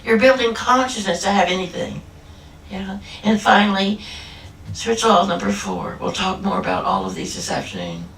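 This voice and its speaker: A woman's voice: medium pitch, sing-song, moderate pace, gravelly, fairly bright tone, slight background noise. A woman minister giving a humorous, emphatic sermon and drawing out key phrases, recorded in an echoey church hall from a distance. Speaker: guest minister.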